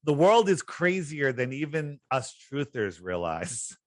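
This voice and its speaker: A man's voice: fairly high pitch, sing-song, slow, no echo. A man hosting a podcast chat, talking in an emphatic, incredulous and sarcastic way. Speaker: host.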